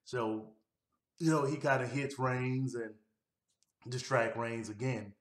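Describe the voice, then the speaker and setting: A man's voice: mid-range voice, fairly even intonation, slow. A man giving a casual, rambling recap of a wrestling show, with easygoing delivery and frequent fillers. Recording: roomy echo.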